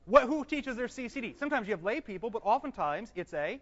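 A Bible teacher giving a class to a live group, reading scripture aloud slowly, explaining it, and quizzing the room with questions he then answers himself. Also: medium pitch, sing-song, a bit bright. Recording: dull, echoey hall recording.

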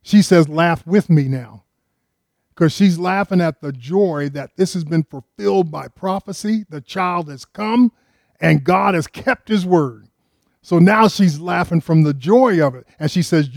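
A man preaching in a relaxed, conversational way, his voice pitched a bit high yet mellow in tone. He peppers the congregation with rhetorical questions and speaks to them directly. The sound is dry and close. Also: moderate pace, gravelly, no room sound. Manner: addresses listeners directly and earnestly. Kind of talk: conversational sermon.

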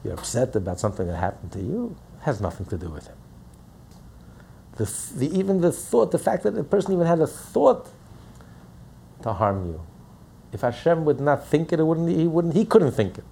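Guy giving a torah class, gravelly husky voice, lots of ups and downs, acts out quotes. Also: on the high side, moderate pace, pauses often. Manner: animated, acts out quoted voices, rhetorical questions.

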